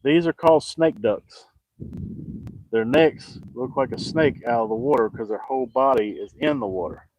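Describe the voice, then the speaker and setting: A man's voice: medium pitch, normal speed, a little mellow, poor audio. Joking man fishing outdoors. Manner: folksy, joking, talks back to viewer comments. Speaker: fishing vlogger. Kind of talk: casual chat to camera.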